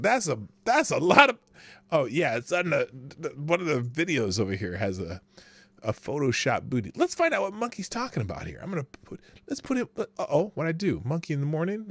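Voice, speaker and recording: A man hosting his own live-stream show in casual chat, loose and animated, swearing freely and laughing between thoughts. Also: on the high side, no room sound. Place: small home studio.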